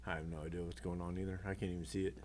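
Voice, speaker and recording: A man in a casual chat, dropping short interjections and quick quips. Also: low voice, level tone, darkish tone, a little hiss or hum.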